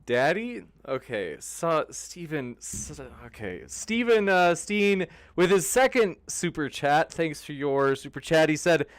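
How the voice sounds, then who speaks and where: A man moderating a live online debate and reading out viewer questions. His voice is slightly high and recorded dry, with no room sound. He speaks in a polite, hesitant way and uses plenty of filler words. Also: big pitch swings, measured pace, hardly any pauses, clear, resonant tone, dry recording.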